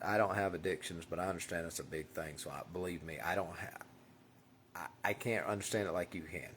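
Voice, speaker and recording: A man's voice: low voice, brisk, fairly bright tone, a little hiss or hum. A man giving an earnest, casual spiritual monologue as host, often dropping to a whisper for emphasis.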